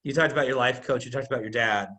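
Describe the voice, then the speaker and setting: A man's voice: medium pitch, quick pace, bright, forceful tone. A man hosting a casual interview, thinking aloud and asking long, reflective questions. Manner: reflective, asks long questions with filler words. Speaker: host.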